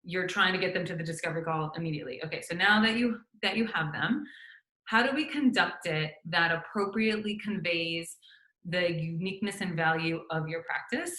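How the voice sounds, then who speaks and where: A middle-aged woman with a bright, clear tone gives loose, chatty coaching to fellow doctors. She talks casually, stumbling through fillers and restarts, and slips into sample lines the way she would say them on a call. The room around her rings noticeably. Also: fairly low pitch, a little fast, roomy sound, rough recording. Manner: conversational, many fillers and restarts, acts out sample phone lines. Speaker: physician coaching doctors on practice building. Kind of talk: casual instructional talk.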